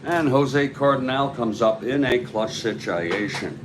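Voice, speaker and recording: A man hosting a tabletop baseball replay, giving calm, measured play-by-play with chatty asides to viewers. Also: medium pitch, background noise. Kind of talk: play-by-play commentary of a board game replay.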